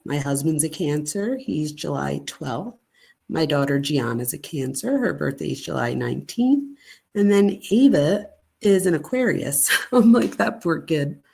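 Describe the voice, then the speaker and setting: A woman in her forties hosts a live stream in a relaxed, chatty way. Her voice sits a little low, and she tells lively stories while answering the chat. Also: unhurried, vocal fry, husky. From Pennsylvania, United States. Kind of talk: casual live chat reading viewer comments.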